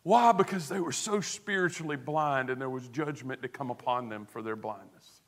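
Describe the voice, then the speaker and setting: A man preaching a sermon as pastor, earnest, moving between hushed tones and emphatic stress, with rhetorical questions. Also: mid-range voice, moderate pace.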